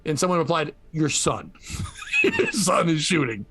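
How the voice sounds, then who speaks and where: A man hosting a comedy podcast, retelling a news story with animated, profane storytelling. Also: on the high side, unhurried, faint music behind. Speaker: podcast host.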